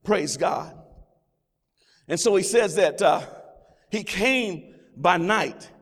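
A man's voice: high-pitched, expressive, takes it slowly, fairly bright tone. A man preaching a sermon as pastor, with exclamations of praise and repeated phrases. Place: church sanctuary. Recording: long reverb of a large hall.

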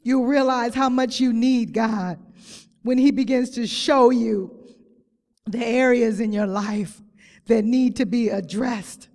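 A woman's voice: fairly high pitch, fairly even intonation, darkish tone, in a large hall. A woman preaching a sermon in a church, drawing out her words with emphasis and calling on the congregation. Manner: slow, drawn-out emphatic phrasing, call-and-response. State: close to tears.

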